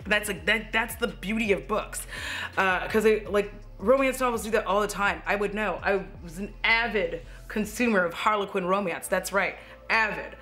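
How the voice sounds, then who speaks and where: A woman in her thirties giving a casual, chatty movie review at home, animated and quick to laugh and swear. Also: medium pitch, faint music behind.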